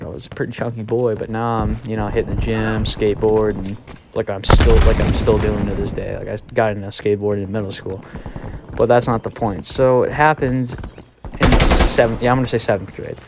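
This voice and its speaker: A man's voice: fairly low pitch, noisy background. Rambling young man over game gunfire. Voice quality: rambling, profane, many restarts. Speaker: vlogger. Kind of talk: casual storytime. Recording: loud gunfire sounds behind. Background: loud video game gunfire.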